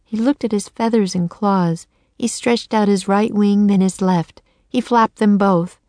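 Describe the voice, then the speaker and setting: A woman narrating a children's chapter book in a clear, measured storytelling manner. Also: medium pitch, fairly even intonation, warm tone, dry recording. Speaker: audiobook narrator. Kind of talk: children's audiobook reading.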